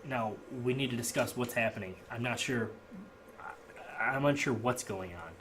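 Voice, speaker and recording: A man's voice: mid-range voice, background noise, lightly acted. A man voicing a stern, no-nonsense female town mayor in a tabletop game. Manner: brisk, blunt, serious.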